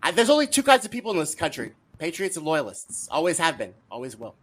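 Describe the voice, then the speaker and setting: Male podcast guest, somewhat high pitch, teasing and argumentative, casual talk. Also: huge pitch swings, fast, slightly rough. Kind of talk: casual political podcast chat.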